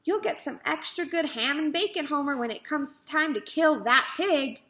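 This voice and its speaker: A woman's voice: high-pitched, moderate pace, pushed and bright, pitched above the performer's own voice. A plain-spoken farmer father from a children's story, read by a woman. He speaks matter-of-factly, in a voice close to the reader's own. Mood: admiring.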